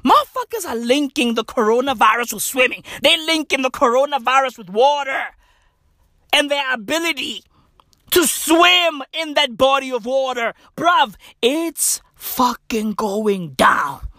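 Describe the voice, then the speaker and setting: A high-voiced woman rants comedically, swearing freely and packing every sentence with slang. She repeats her points for emphasis, and the sound is dry and close. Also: expressive, unhurried, pushed and bright, no echo. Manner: profane, slang-heavy, emphatic repetition. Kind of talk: comedic rant.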